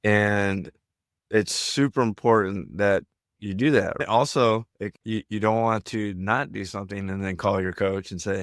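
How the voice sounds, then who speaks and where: A man with a fairly low, smooth and resonant voice co-hosts a podcast in casual, coaching chat. He talks emphatically and keeps checking in with his listener. The sound is dry and close, with no room around it. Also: normal speed, dry recording. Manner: coaching, emphatic, tag questions. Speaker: podcast co-host.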